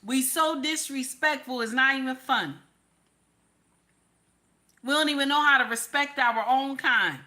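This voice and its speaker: Blunt, profane woman ranting with a bright voice. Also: high voice, unhurried, pauses often. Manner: blunt, profane, repeats lines for emphasis. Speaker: commentary channel host. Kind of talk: casual ranting commentary.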